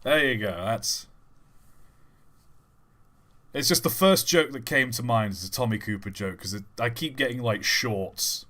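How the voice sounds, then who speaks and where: A man's voice: mid-range voice, a little slow, long pauses, a bit bright. Rambling man on a livestream. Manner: rambling, repeats and restarts words. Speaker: livestream host. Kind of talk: casual stream chat and joke telling.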